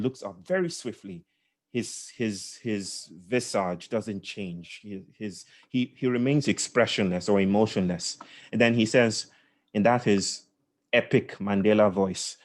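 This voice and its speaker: A man's voice: fairly low pitch, unhurried. A man leading a session, telling a reflective story with repeated words, laughs and asides. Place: indoors.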